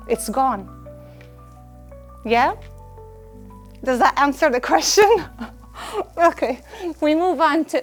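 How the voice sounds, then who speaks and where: A woman giving a live lecture to students, earnest and emphatic, driving home her points by repeating them. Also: sits high. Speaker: lecturer on personal well-being.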